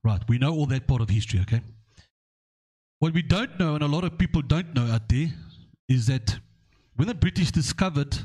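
A man's voice: medium pitch, mellow. A man hosting a podcast, rambling through stories and history while checking in with "okay?". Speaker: podcast host. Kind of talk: casual podcast discussion.

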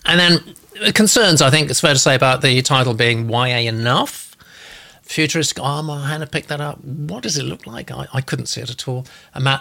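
A male host with a gravelly, bright voice chats casually and reads out viewer comments. His talk is loose and full of fillers. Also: mid-range voice, a little fast. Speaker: host reading audience comments. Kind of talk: casual live-stream chat.

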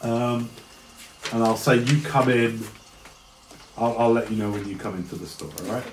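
A man running a tabletop game as game master, narrating in a relaxed, joking way. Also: mid-range voice, moderate pace, echoey room, noisy background.

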